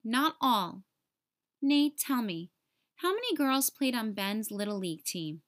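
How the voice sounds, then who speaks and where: A woman voicing a calm, reassuring father in a storybook read-aloud. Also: fairly high pitch, a little slow. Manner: patient, reassuring.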